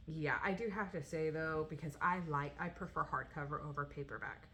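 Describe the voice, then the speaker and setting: A woman's voice: low-pitched, moderate pace, hardly any pauses, fairly bright tone, a little hiss or hum. A woman in her thirties chatting casually as a vlogger, rambling with lots of fillers and restarts. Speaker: vlogger talking about books. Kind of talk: casual chat.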